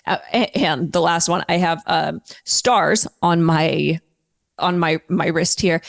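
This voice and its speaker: A woman speaking as a podcast guest, candid and lively, slipping in a casual swear now and then. Her voice sits a little low for a woman. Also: measured pace, creaky. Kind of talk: casual interview talk.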